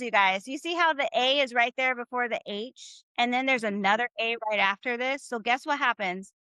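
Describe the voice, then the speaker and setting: A woman's voice: high-pitched, pushed and bright, no echo. A woman teaching a live online Spanish class, upbeat and encouraging as she leads the group through repetition drills.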